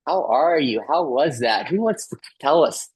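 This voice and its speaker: A man leading a group workshop on a video call, asking gentle repeated questions and inviting everyone to join in. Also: fairly high pitch, expressive, moderate pace, breathy edge, rough recording. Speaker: workshop leader.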